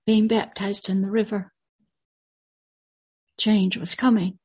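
A woman's voice: mid-range voice, flat delivery, takes it slowly, pauses often, mellow, slightly rough. A woman hosting a religious video channel, retelling a film in an earnest, unscripted way with emphatic repetitions.

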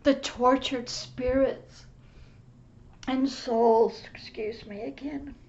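A woman pastor giving an emotional spiritual testimony, often dropping to a soft whisper. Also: high-pitched, fairly even intonation, takes it slowly. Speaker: pastor and teacher. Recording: muffled lo-fi recording.

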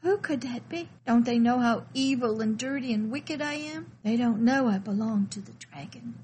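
A timid, frightened spirit child, put on by a woman reading a devotional story asks one anxious question after another. The voice sits a little high and stays lonely and unsure. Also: normal speed, darkish tone, a little hiss or hum, natural voice, low-quality recording.

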